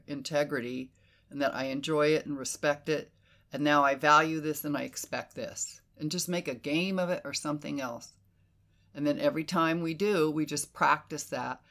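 A woman hosting a casual conversation, animated and emphatic, who swears freely and slips into quoted inner voices. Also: low voice. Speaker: podcast host.

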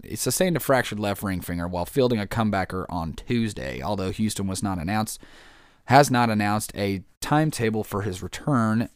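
A man's voice: fairly low pitch, smooth, no room sound, studio quality. A man casually reading headlines aloud and reacting to them, joking and rambling, calling people "man" and "dude". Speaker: vlogger reacting to news.

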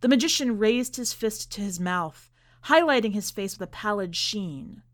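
A woman reading fiction aloud for a podcast in a measured, expressive way. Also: medium pitch. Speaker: podcast editor and reader. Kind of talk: scripted story narration.

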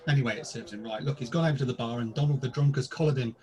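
Very fast and somewhat dark in tone, his mid-range voice carries a British accent. He's a comedy podcast co-host delivering theatrical, crude, mock-formal pub banter from a script.

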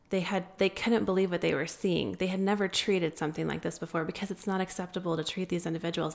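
A woman guest telling a long story in an interview, earnest and pausing often with fillers. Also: on the low side, vocal fry. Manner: earnest, many filler pauses. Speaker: guest, founder of an anti-trafficking group.

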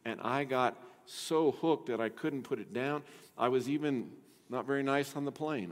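Preaching man in a reverberant hall. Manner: dynamic preaching, swings from hushed low to emphatic loud; repeats phrases and drags out key words. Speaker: pastor. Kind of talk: sermon.

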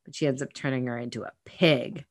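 Woman co-host, low voice, playful, laughs easily, casual chat. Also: steady tone, a little fast. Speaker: podcast co-host.

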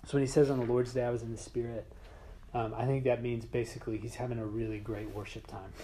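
A man teaching a Bible class in a relaxed, conversational way, getting animated and sometimes dropping to a whisper for emphasis. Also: medium pitch, quick pace, slight background noise.

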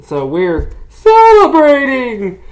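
A man co-hosting a podcast in casual review chat, animated and self-mocking. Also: very high voice, slow. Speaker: podcast co-host.

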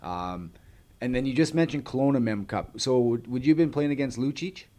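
A man's voice: medium pitch, fairly quick, mellow. A man hosting a podcast, asking pointed questions in a casual, teasing chat. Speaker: podcast host.

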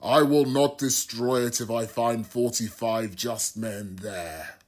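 A man voicing a male deity who speaks in firm, measured declarations. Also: medium pitch, fairly even intonation. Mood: solemn.

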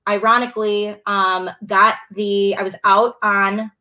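A young woman tells a story in casual chat, bold and animated, with blunt swearing. She acts out what she and others said in lively little quotes. Her voice sits at an everyday middle pitch. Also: moderate pace. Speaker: bartender and show guest.

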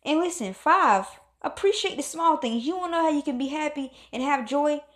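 A woman's voice: high voice, lively intonation, brisk, fairly bright tone. A woman giving a motivational pep talk, emphatic and preachy, repeating phrases for stress. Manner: calls on God in exclamations. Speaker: motivational speaker.

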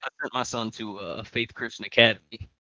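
A man who is a guest on a podcast, chatting casually and in a relaxed way. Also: lowish voice, fairly quick, dry recording, lo-fi sound.

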